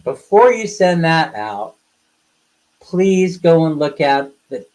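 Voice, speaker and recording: On a low-quality recording, a male live streamer who co-hosts a couple's channel chats casually in a voice on the high side. He bluntly rants at his viewers, then turns to teasing them playfully.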